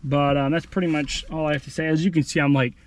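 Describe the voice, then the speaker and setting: A man's voice: fairly high pitch, little pitch movement, fast. A man rambling and joking casually in a running vlog, sweaty and out of breath, talking into a handheld phone outdoors. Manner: rambling, jokey, self-deprecating. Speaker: vlogger.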